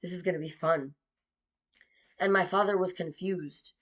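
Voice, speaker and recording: A woman's voice: lowish voice, fairly even intonation, normal speed. A young woman tells a personal story straight to the listener. Her delivery is sarcastic and mocking throughout, and she swears freely.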